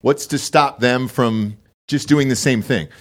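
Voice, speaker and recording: A man's voice: mid-range voice, a little slow. A man co-hosting a podcast in casual chat, worked up, rambling and swearing. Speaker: podcast co-host.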